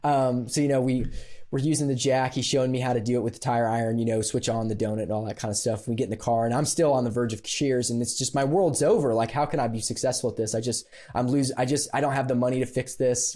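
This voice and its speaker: Mellow-voiced man telling a lively story. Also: mid-range voice. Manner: animated storyteller, laughs often, many fillers. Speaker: podcast guest. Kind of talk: casual storytelling chat.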